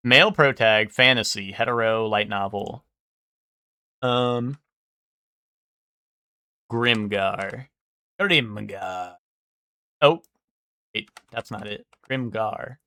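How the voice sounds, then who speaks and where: A man's voice: fairly low pitch, slow, long pauses, sharp tone, clear, resonant tone, no room sound. A young man streaming live, thinking aloud and guessing in casual, swearing chatter.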